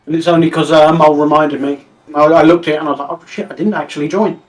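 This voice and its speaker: A man answering a streamer casually over voice chat, stumbling a little as he talks. His fairly high voice comes through distant, as if he sits away from his mic. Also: steady tone, fast. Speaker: friend on voice chat.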